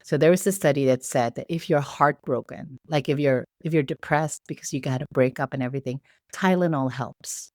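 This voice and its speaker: A woman from the Philippines, a podcast guest, telling stories in a lively, casual way. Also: low voice, brisk, dry recording, clean studio sound. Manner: lively storyteller who acts out quoted voices. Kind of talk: casual storytelling chat.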